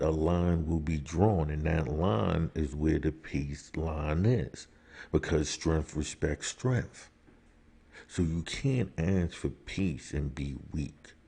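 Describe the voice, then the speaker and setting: Deep gravelly man ranting. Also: dark tone. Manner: emphatic, rhetorical questions; rises to heated outbursts. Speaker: commentator. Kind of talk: opinion monologue.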